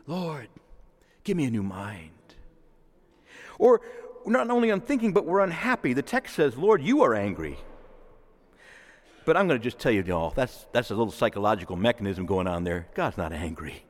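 A man preaching a homily in a church, moving between fervent outbursts and quiet, prayerful asides. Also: mid-range voice, big pitch swings, normal speed, pauses often. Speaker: priest. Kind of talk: sermon. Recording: long reverb of a church hall.

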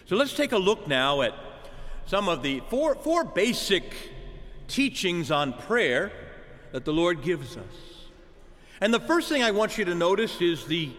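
A man delivers a sermon in a high, lively voice that climbs and falls widely. He calls out to the congregation as "church" and asks for an amen. The sound carries a long reverb from a church hall. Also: a little slow. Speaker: preacher.

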